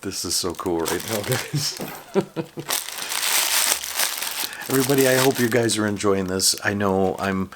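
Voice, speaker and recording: Deep-voiced guy rambling through an unboxing, lots of ums, crinkly background noise. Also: a little fast, few pauses. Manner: enthusiastic, rambling with many fillers. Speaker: toy unboxing vlogger. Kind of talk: casual unboxing talk. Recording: background noise from handling packaging.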